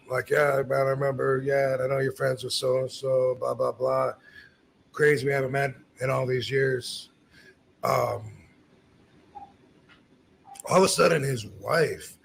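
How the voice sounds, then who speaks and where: A man's voice: mid-range voice, creaky, slight background noise. A middle-aged man hosting a podcast, telling a story in casual talk and acting out what others said. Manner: animated, acts out quoted dialogue, frequent restarts. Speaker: podcast host.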